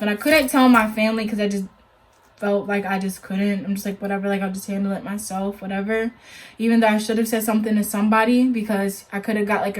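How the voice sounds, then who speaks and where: Young woman, casual storytime vlog, chatty, lots of "like", earnest, mid-pitched voice. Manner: chatty, heavy use of "like"; earnest, cautionary. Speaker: vlogger.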